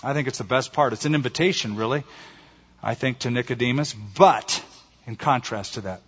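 A male pastor preaching a sermon and reading a story aloud, earnest and measured. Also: mid-range voice, animated, fairly bright tone, slightly rough. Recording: dull recording in echoey hall.

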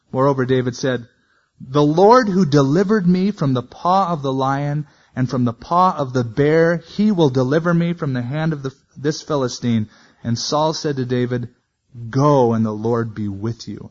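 A man's voice: medium pitch, measured pace. A man teaching verse by verse from the Bible, reading scripture aloud and then adding casual, conversational comments. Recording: dull lo-fi recording.

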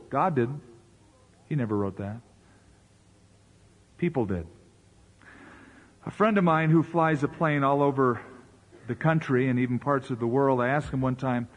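A man's voice: mid-range voice, unhurried, long pauses. A man preaching a sermon as pastor, talking in a conversational way with rhetorical questions and asides.

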